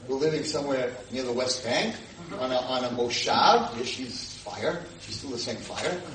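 A rabbi lectures a live audience in a community hall, his medium-pitched voice moving at normal speed as he tells animated stories and acts out characters with sudden loud shouts. A distant room mic picks up a roomy, noisy sound.

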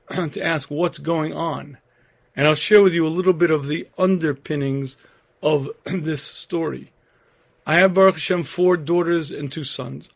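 A man in his fifties giving a Torah lecture, telling stories earnestly and clearing his throat often. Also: fairly high pitch.

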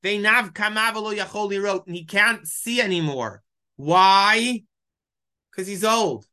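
A man's voice: sits high, measured pace, pushed and bright. Man teaching verse by verse. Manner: emotional, choked up at times; reads Hebrew verses then explains in English. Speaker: Torah teacher. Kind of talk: text study lesson, translating verse by verse.

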